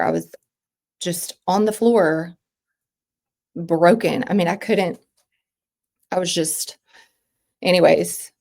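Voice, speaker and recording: A woman in her thirties, a podcast guest, speaking in an emotional personal interview with halting phrases that restart and trail off. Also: lowish voice.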